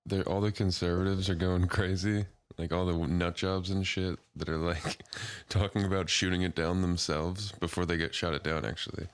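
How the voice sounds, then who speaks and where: Young male co-host with a low voice, relaxed and crude banter. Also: normal speed, dry recording. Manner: laid-back, crude, laughs often. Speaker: podcast co-host. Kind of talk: casual chat.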